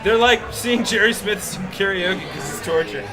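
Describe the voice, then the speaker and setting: A man hosting a casual live stream in an arcade, joking and rambling excitedly. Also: sits high, moderate pace, over music. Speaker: stream host.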